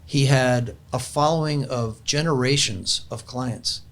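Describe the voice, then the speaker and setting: A man's voice: medium pitch, a little slow, fairly bright tone. A man, older in years, earnestly sharing a personal faith story in casual chat, with frequent restarts. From California.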